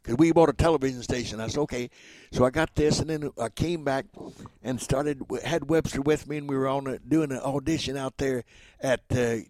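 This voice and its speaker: A man's voice: medium pitch, brisk, no echo. Older male entertainer as interview guest, spins anecdotes and voices the quotes, dry close sound. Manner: animated storyteller who acts out quoted dialogue.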